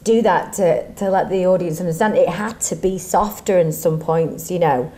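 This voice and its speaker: Actress lady guesting on a chat show, lowish voice, rambly and warm. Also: moderate pace. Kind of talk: casual interview chat.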